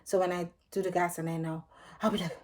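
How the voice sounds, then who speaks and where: A young woman, possibly, casually telling a personal story and acting out what she and others said. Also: on the low side. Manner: animated retelling, acting out her own cries and others' lines. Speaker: vlogger.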